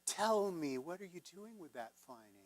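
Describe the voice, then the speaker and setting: Brief: male minister playing a strange dressed-up traveler, sly and soft-spoken, slightly high voice, in a sermon story. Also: animated, brisk, dry recording. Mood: coaxing. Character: strange flamboyant male traveler, smooth-talking.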